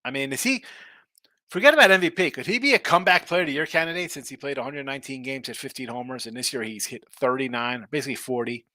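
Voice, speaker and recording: A man's voice: mid-range voice, fast, pushed and bright, dry recording. A man hosting a sports betting live stream, rambling and thinking aloud in casual chat. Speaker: sports betting show host.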